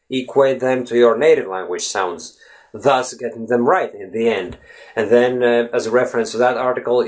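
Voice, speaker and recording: Man explaining sounds with many pauses. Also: mid-range voice. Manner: relaxed, thinks aloud with many fillers and repeats example words. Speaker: English teacher, channel host. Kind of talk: casual spoken lesson answering a viewer.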